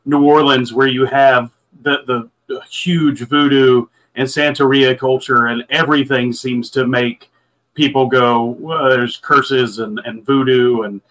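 A man joins a casual podcast talk with an average-pitched voice. He is eager and trips over his words, restarting phrases as he goes. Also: fairly even intonation, a little slow, fairly bright tone, low-quality recording. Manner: enthusiastic, stumbling restarts.

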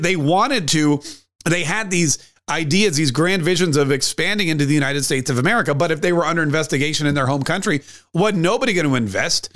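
A man's voice: fairly high pitch, fairly bright tone. A man hosting a podcast, giving a sarcastic, conversational political commentary monologue. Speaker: podcast host.

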